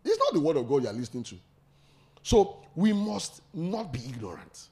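A man's voice: on the high side, very animated, moderate pace, darkish tone. A man preaching a sermon, leading call-and-response and laughing often.

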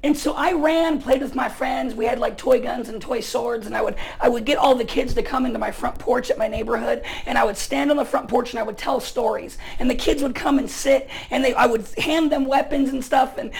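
A male pastor from the United States preaching a sermon in a casual, chatty storytelling way, full of fillers, with bursts of loud emphasis. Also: very high voice, vocal fry, low-quality recording.

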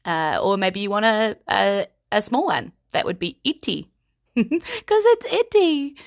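Slow, giggly woman with a creaky voice. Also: mid-range voice, lively intonation, a bit bright, no room sound, clean studio sound. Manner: playful, giggly, unhurried. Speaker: language teacher. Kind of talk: casual vocabulary lesson.

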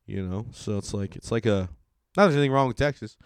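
Man, comedian, from California, casual rambling monologue, profane, low voice, gravelly fry. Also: fast talker, dry recording, clean studio sound. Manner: profane, rambling, self-mocking. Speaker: stand-up comedian.

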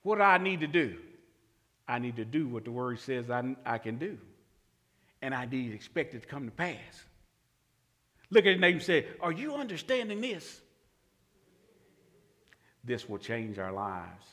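A man pastor preaching a sermon, asking questions and answering them himself, swinging from quiet murmurs to loud shouts. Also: mid-range voice, very animated, moderate pace, long pauses, in a large hall.

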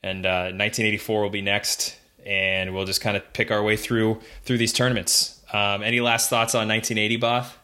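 Bright, forceful male podcast co-host. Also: on the low side, level tone, fairly quick, few pauses, clear, resonant tone. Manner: chatty, reads facts aloud with fillers. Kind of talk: casual podcast chat.

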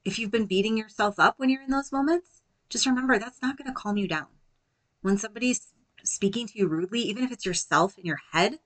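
A woman in her thirties hosting a solo podcast as a life coach, speaking gently and reassuringly. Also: mid-range voice. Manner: gentle, reassuring, softly spoken at times.

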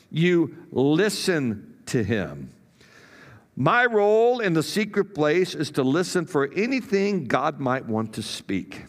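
A male pastor preaching a sermon, lifting his voice for quoted prayers and letting phrase ends sink low.

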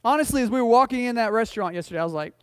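Middle-aged male pastor, high voice, chatty anecdotes that swell into emphatic preaching, many restarts. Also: animated, racing, a bit bright, smooth, dry recording. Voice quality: frequent restarts and repeated words. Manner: conversational, storytelling preacher who rises to emphatic declarations. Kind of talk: sermon.

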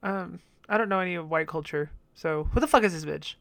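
A woman's voice: on the low side, fairly quick, creaky, fairly bright tone, no echo. A young woman hosting a casual reaction video, chatty and profane, laughing often.

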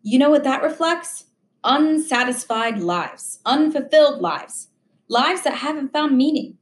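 A woman voicing a wise, gentle dying old professor of seventy-eight, speaking in an earnest, patient, teaching way. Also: high voice, animated, unhurried, pitched above the performer's own voice. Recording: roomy echo.

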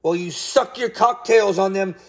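An upset male pastor in full sermon, his voice sitting high for a man. He scolds and hammers each point, jumping between quiet asides and loud, heated outbursts. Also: normal speed, gravelly. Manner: heated, scolding, emphatic preaching with sudden swings of loudness. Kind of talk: fiery sermon.

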